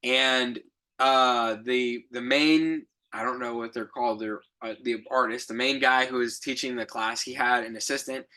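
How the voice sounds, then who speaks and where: A man's voice: mid-range voice, steady tone, normal speed, sharp tone. A young adult man hosting a podcast, telling a reflective story in a rambling casual way, with fillers, self-corrections and light laughs. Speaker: podcast co-host.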